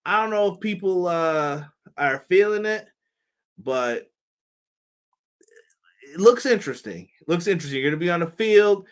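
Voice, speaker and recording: Casting: male wrestling-show host, lively swooping delivery, slightly high voice, loose and jokey. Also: moderate pace, pauses often, clear, resonant tone. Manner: loose, animated, laughing, cursing, doing mock voices. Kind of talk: casual show review.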